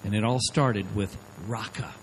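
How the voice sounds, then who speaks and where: A man's voice: fairly low pitch, fairly even intonation, unhurried, slight background noise, low-quality recording. Conversational middle-aged male pastor. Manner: conversational storytelling, frequent "okay?" check-ins. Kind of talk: sermon.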